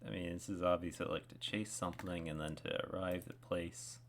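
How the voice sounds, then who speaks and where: A man's voice: sits low, steady tone, fairly quick, a little hiss or hum. A man casually chatting on a live stream while he learns a language. He chuckles often and repeats phrases aloud to try out accents.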